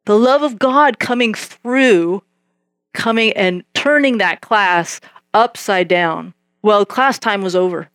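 Animated preacher telling a story, dry sound. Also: mid-range voice, slow, no echo. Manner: animated, acts out dialogue in quoted voices. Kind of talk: testimony storytelling sermon.

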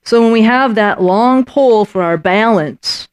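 A woman's voice: on the high side, measured pace, clean tone, no room sound, studio quality. A woman preaching a sermon in a conversational way, often acting out little voices and dialogues and checking in with her listeners by asking "Right?".

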